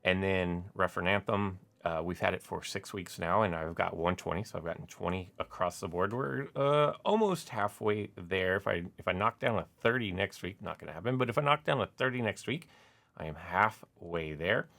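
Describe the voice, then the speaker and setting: A man's voice: deep voice, normal speed, vocal fry, a bit bright. A man giving casual, rambling gameplay commentary as a gaming YouTuber, full of "like" and "uh" fillers.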